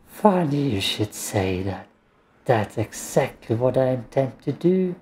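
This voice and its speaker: Man reading a taunting witch spirit, slow, low, dark tone. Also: big pitch swings, a little hiss or hum. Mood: mocking. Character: scheming female spirit witch, mocking.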